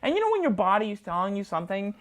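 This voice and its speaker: A woman comedian, a guest in a studio, tells an animated anecdote at a very fast clip in a medium-pitched, very animated voice. Her delivery is jumpy, swinging widely as she acts out both sides of the conversation.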